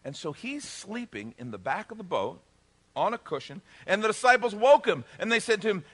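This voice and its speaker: A middle-aged male pastor preaching a sermon, telling the story with animated, joking delivery and acting out the characters' lines. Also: high-pitched, moderate pace, husky. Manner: animated storytelling, acts out voices, jokes with the congregation.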